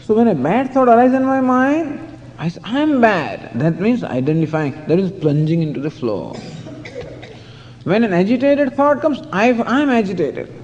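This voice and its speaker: A man's voice: high-pitched, lively intonation, normal speed, a little mellow. A man giving a scriptural discourse as a spiritual teacher, telling stories with chuckles and saying "you know" often. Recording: dull lo-fi recording in a hall.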